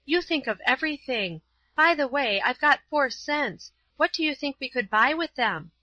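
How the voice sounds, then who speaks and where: A woman's voice: high voice, expressive, normal speed, bright, forceful tone, dry recording, voice pushed up. A woman reading aloud voices a pious, kind-hearted schoolgirl in a raised, eager, pleading tone. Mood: eager, anxious. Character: earnest pious schoolgirl, timid but kind. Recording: slightly dull, dry.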